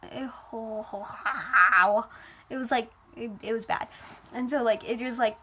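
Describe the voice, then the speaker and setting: A woman's voice: a little high, fairly even intonation, slow, sharp tone, breathy edge. A woman casually telling a personal story. She fills her talk with "like" and retells it in a dramatic, emotional way.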